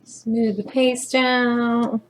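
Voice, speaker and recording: A middle-aged woman talks through a home craft project in a slightly high, chatty voice, joking about herself as she works. A furnace hums clearly behind her in this noisy home recording. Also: little pitch movement, drawn-out words. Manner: chatty, self-deprecating, talks while working. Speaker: craft demonstrator. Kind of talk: casual craft demo chat.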